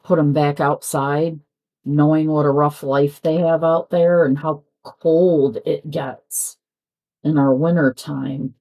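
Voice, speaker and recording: A woman's voice: low-pitched, dark tone. A woman chatting casually at home while she works on a craft, rambling and trailing off mid-sentence. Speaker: crafting vlogger. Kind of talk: casual chat while diamond painting.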